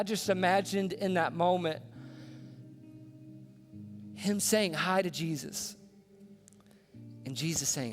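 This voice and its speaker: Male pastor, higher-pitched, storytelling sermon, big reverberant sanctuary, quiet music bed. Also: slow, pauses often. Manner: storytelling, swings from hushed to passionate. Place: church sanctuary. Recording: long reverb in a large hall with soft music.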